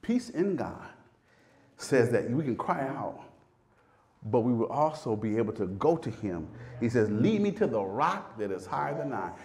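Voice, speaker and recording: A man preaching a sermon with fervor, repeating phrases and swinging from loud peaks to hushed lows. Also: very animated, moderate pace.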